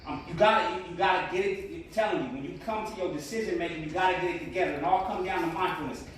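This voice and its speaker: Earnest high-voiced man preaching to students. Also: fast talker, a little hiss or hum. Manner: earnest, preachy, rising to emphatic peaks. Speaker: motivational speaker. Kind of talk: speaking to a class of students. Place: classroom. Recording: very echoey room, distant mic.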